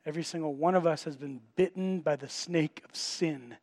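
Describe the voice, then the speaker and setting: This pastor's voice sits on the high side and moves at an ordinary speed, captured without room echo. Preaching lively, he narrates a tale and performs the quoted voices of its people.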